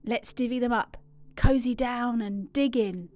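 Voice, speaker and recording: A woman's voice: on the high side, unhurried, darkish tone, close to an everyday voice. A woman voicing a friendly, sharing badger in a children's storybook reading, with a cheerful, offering manner.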